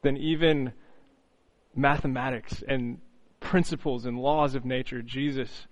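A man preaching an earnest, reflective sermon, often pausing on "you know" and restarting phrases. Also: medium pitch, fairly even intonation, lo-fi sound.

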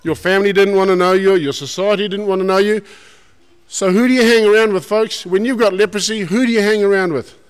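A man preaching a sermon, folksy and animated, putting questions to the congregation. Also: high-pitched, brisk, smooth. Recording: long hall reverb.

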